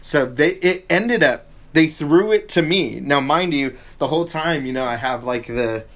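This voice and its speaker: A man's voice: on the high side, a little slow, fairly bright tone. A man co-hosting a casual chat, telling a story in a dry, wry way. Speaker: podcast co-host.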